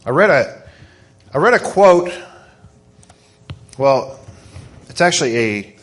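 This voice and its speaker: A middle-aged man preaching a sermon in church, fervent and hoarse, swinging from soft, slow stresses to quick, excited bursts. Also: a little high. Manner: fervent, rising to excited emphasis.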